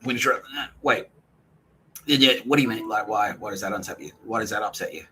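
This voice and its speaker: A man's voice: on the low side, fairly quick, pushed and bright, a little hiss or hum, low-quality recording. An Australian man in a profane, rambling podcast monologue, acting out what other people said. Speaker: podcast host.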